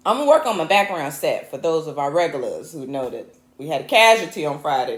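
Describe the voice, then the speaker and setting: A woman's voice: deep voice, very animated, fast talker, echoey room. A woman hosting a livestreamed talk show on her own, impassioned and joking, calling her viewers y'all. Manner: impassioned and fired up, mixing jokes with anger; chatty, addresses viewers as y'all. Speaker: host and technical producer. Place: home show set. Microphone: camera mic.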